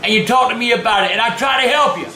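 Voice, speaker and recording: An older man with a drawl tells his stories in a profane, blustering rush that keeps boiling over into shouting. His voice sits high for a man and has a sharp, bright edge. A faint room noise hangs behind him. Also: racing. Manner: foul-mouthed, blustering, erupts into shouting. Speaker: storytelling vlogger. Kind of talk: profane storytelling.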